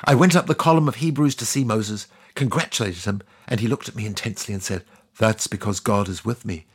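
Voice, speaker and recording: A man performing a scripted comic monologue as God, telling the story in a wry deadpan way with bursts of exasperation. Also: medium pitch, fairly quick, breathy edge. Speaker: narrator playing God.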